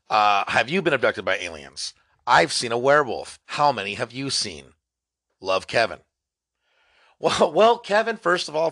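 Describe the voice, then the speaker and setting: A young man hosting a comedy podcast, rambling through a solo monologue that swings from mock-dramatic outbursts to low mutters. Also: pushed and bright, no room sound, studio quality. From California. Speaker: podcast host.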